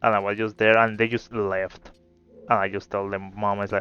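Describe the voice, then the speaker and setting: A man's voice: lowish voice, level tone, normal speed, a bit bright, clear, resonant tone. A man telling a story in a casual, rambling way while playing a game, swearing now and then. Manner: rambling, swearing, laid-back. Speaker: gameplay video creator. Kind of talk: casual gameplay commentary with storytelling. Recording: slightly dull audio with faint game music. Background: faint game music.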